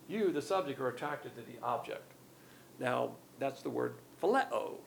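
An older man preaching a sermon, teaching in a folksy, emphatic way that jumps up in pitch on key words. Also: a little slow, creaky, a little hiss or hum. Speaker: pastor.

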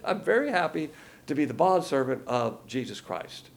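A man's voice: on the high side, big pitch swings, normal speed, gravelly. A man giving a folksy, rambling verse-by-verse Bible lesson, with many fillers along the way. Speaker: Bible teacher.

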